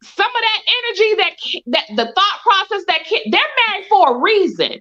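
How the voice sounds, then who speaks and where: Woman co-host, measured and reflective, high bright tone, dull lo-fi recording. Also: big pitch swings. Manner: measured, thoughtful commentary with repeated "I think". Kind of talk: casual chat. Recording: dull lo-fi sound.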